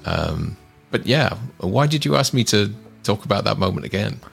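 A low, gravelly-voiced man chatting about a film he has just seen, with faint synth music behind. He speaks hesitantly, with lots of fillers and easy agreement. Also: animated, normal speed. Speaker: podcast co-host. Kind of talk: casual film review chat.

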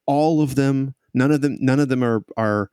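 A man's voice: medium pitch, normal speed, dark tone, smooth, dry recording. A man narrating as game master of a tabletop game, telling the scene in a rambling way and laughing often. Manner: laughing, rambling storytelling with restarts.

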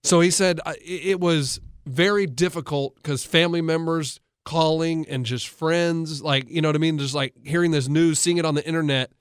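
A man with a smooth voice on the high side speaks at normal speed with hardly any pauses, in a studio-quality recording with no room sound. As a coach and co-host in casual sports talk, he tells animated stories and retells others' words with many restarts.

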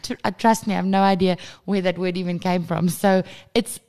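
Woman, 30s, low-pitched podcast co-host, animated storyteller who swears freely. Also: a little fast, smooth. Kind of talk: casual chat.

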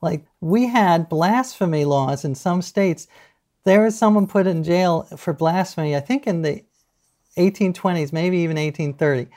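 Animated storytelling middle-aged man. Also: fairly high pitch, moderate pace. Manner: animated storyteller, laughs often, acts out quotes. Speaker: guest author. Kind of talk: casual podcast interview.

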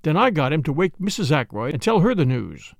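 A man narrating a novel as an audiobook reader, steady and expressive. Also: fairly high pitch, a little fast, gravelly, no echo, studio quality.

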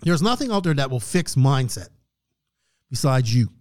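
A man hosting a podcast, delivering a casual, preachy motivational rant and clearing his throat often. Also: medium pitch, big pitch swings, moderate pace, a little mellow. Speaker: podcast host.

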